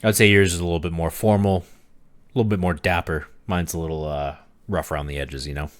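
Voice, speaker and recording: Man, tabletop player, casual, curious, low-pitched voice. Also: steady tone, fast talker. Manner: easygoing, asks many questions. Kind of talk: casual tabletop role-play.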